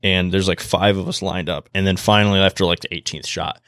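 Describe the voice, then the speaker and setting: A man guest on a podcast, telling a story in a casual, animated way and acting out the quotes in a hushed voice. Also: deep voice, fairly quick, no room sound, studio quality.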